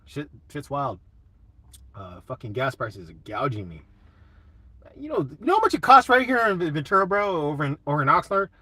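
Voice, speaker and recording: A man's voice: on the high side, wildly swooping pitch, normal speed, bright, forceful tone, slightly rough, no room sound. A young man hosting a casual live chat, laid-back and swearing a lot while answering comments.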